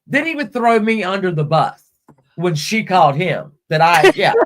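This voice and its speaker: A woman's voice: on the low side, very animated, normal speed. A middle-aged woman hosting a live stream, telling rambling personal stories bluntly and with plenty of swearing. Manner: blunt and profane, rambling with restarts. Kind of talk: casual personal storytelling.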